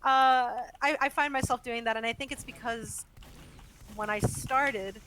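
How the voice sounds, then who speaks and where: Bright-voiced woman, animated and chatty. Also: on the high side, a little slow, rough recording. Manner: animated, laughs often, talks in long flowing explanations. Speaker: voice actor guest. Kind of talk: casual interview chat while gaming. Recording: faint background noise.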